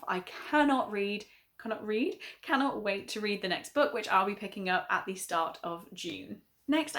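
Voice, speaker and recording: A young woman, chatting through her monthly reading wrap-up in a gushing, self-correcting way. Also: medium pitch. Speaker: book vlogger.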